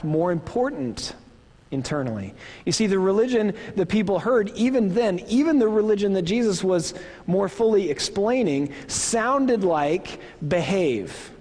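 A man's voice: high voice, a little mellow. A man in his thirties with a Midwestern accent, preaching a sermon in an earnest, conversational way and asking the congregation questions. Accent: Midwestern American. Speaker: pastor. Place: church hall. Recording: long reverb of a church hall.

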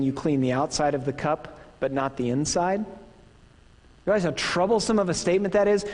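Midwestern guy giving a sermon, earnest and chatty, bit of a high voice. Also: a little mellow. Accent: Midwestern American. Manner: earnest, conversational preaching with rhetorical questions. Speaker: pastor. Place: church hall. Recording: long reverb of a church hall.

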